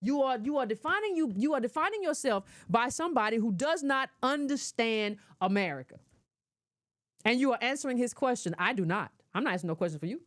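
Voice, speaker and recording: A middle-aged woman talks straight at the listener in a casual, opinionated commentary. She lectures emphatically and keeps to colloquial speech, with a high voice that swoops up and down. The sound is dry and close, with little room around it. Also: lively intonation, fairly quick, dry recording. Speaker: commentator reacting to clips.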